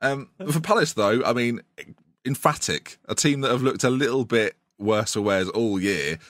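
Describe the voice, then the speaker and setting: A man's voice: medium pitch, expressive, moderate pace, a bit bright, no echo, clean studio sound. A man co-hosting a casual football podcast, wry and opinionated, with joking asides to the listeners. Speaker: podcast co-host.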